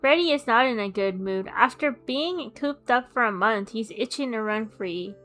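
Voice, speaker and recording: Bright, higher-pitched woman streamer narrating a game story, expressive and reactive. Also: faint music behind. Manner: expressive, quick reactive asides. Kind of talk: reading story narration with casual asides.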